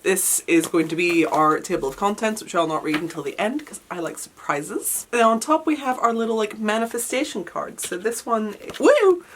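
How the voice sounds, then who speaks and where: A British woman chats through an unboxing, her voice bouncing from low murmurs up to high squeals. She gushes over every little item with oohs and delighted exclamations. A recent cold has left her voice a little worn. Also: moderate pace, few pauses, slight background noise. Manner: excitable and gushing, frequent oohs and squeals. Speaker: vlogger. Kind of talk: unboxing vlog chat.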